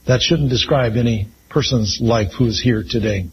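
Pastor, male, emphatic sermon delivery, mid-pitched voice, dull lo-fi recording with faint hiss. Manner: slow, emphatic preaching with Scripture read aloud.

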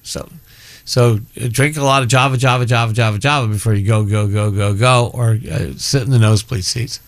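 A man's voice: medium pitch, steady tone, a little fast, dry recording. A middle-aged man hosting a casual chat show, rambling and often breaking off mid-sentence. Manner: rambling, self-interrupting, chatty. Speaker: show host.

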